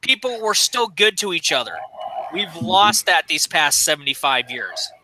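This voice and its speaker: A man with a high-pitched voice, talking bluntly and with plenty of swearing as co-host of a casual podcast. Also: very animated, normal speed, pushed and bright, slight background noise, low-quality recording. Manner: profane, blunt, acts out quoted exchanges. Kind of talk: casual chat.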